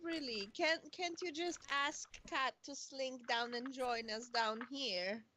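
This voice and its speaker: A woman's voice: high-pitched, slow pace, sharp tone, slight background noise. A woman playing a tabletop game, asking worried questions. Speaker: player. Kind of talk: casual tabletop play.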